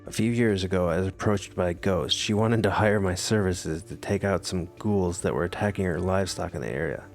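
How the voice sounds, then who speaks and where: Man reading an unhurried pipe-smoking old adventurer. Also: low-pitched, faint music behind. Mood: calm. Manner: unhurried, deliberate. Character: calm, pipe-smoking older male adventurer.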